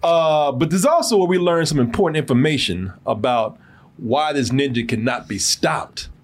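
A man chatting casually as podcast host about a movie, joking crudely and laid-back. His voice sits a bit high and moves a lot. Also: animated, moderate pace. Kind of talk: casual movie review chat.

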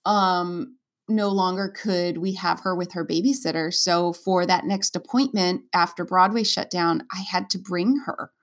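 A woman's voice: fairly low pitch, steady tone, measured pace. A woman, a stage performer as interview guest, telling her own story in a candid, earnest and emotional way, with many fillers and restarts.

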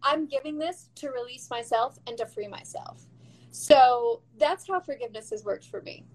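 A woman guest speaking frankly and emphatically in an interview, in quick bursts with some swearing. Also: high voice, a little mellow, rough recording. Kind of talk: candid interview talk.

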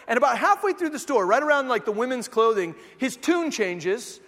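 A man in his thirties preaching a sermon, telling stories and acting out the voices in them, sometimes rising to shouts. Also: very high voice, fairly quick, few pauses, big-room sound. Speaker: pastor.

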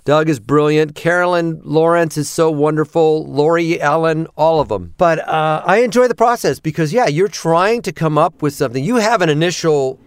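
A middle-aged man, a voice actor, chatting in an interview and breaking into quick character voices as he tells stories. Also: a little high, smooth, dry recording, studio quality. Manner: animated, slips into quick character voices mid-story. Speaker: voice actor guest. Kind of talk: casual interview chat.

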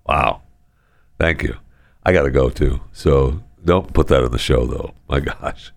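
Rambling deep-voiced man. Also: unhurried, creaky, no room sound. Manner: rambling, self-deprecating, jokey asides. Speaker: radio host. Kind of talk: casual on-air chat.

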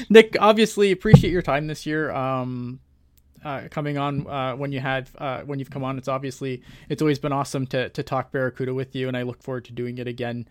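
A man hosting a casual fan podcast. He talks in a mid-range voice, halting and filling gaps with ums and restarts. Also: mid-range voice. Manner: halting, full of fillers. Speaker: podcast host.

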